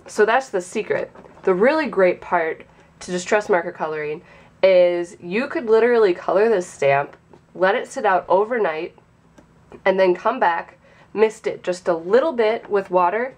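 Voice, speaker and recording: A young woman hosting a casual craft tutorial, sounding nasal from a sinus infection and explaining in a chatty, relaxed way. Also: mid-range voice, normal speed.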